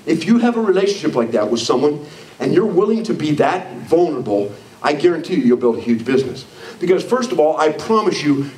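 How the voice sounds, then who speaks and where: A man's voice: on the high side, darkish tone. Emphatic older man speaking in an echoey hall. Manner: emphatic, preachy, acts out quoted voices. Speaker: motivational speaker. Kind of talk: live leadership training talk. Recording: echoey hall, far from mic, faint noise.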